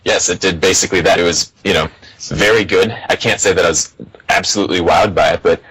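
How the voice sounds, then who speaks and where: A man's voice: low voice, steady tone, fast talker, fairly bright tone, husky, low-quality recording. A young man co-hosting a casual film chat, laid-back, with many fillers and laughs between thoughts. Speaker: podcast co-host.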